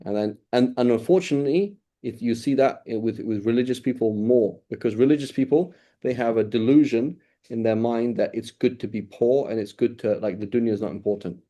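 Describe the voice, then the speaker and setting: A man's voice: mid-range voice, fairly quick, few pauses, mellow. A man giving an informal religious lesson, talking conversationally, repeating phrases and keeping the class with him by asking "right?" again and again. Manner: repeats phrases to drive points home. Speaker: religious teacher.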